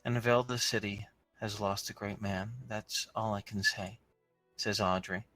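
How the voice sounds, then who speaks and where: Bright-voiced man game master. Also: fairly low pitch, fairly even intonation, unhurried, faint music behind, rough recording. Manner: chatty, laughs easily. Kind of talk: narrating a tabletop game.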